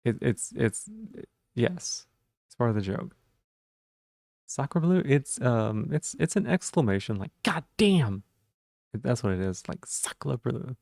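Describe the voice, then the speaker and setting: A man's voice: mid-range voice, expressive, a little slow, gravelly, mellow, dry recording, clean studio sound. A man streaming live, chatting casually and playfully while he repeats silly puns and rambles.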